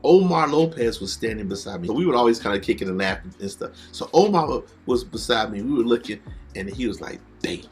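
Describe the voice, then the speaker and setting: Animated middle-aged male storyteller. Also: mid-range voice, fairly quick, soft background music. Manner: animated, acts out quoted voices. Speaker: backup vocalist and host. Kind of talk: casual storytelling.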